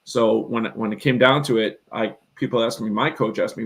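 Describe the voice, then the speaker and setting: A middle-aged man with a gravelly, fairly low voice tells a long personal story in an interview. He rambles earnestly and plays out past conversations in his own voice. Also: steady tone, a little fast, hardly any pauses, fairly bright tone, poor audio. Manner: earnest, rambling, emphatic, quotes himself and others. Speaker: real estate investor and coach.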